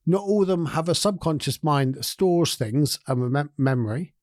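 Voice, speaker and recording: A man's voice: fairly high pitch, animated, moderate pace, darkish tone, no echo, clean studio sound. A man hosting a podcast, explaining ideas in a loose, conversational way with restarts and asides. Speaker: podcast host. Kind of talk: casual explanatory monologue.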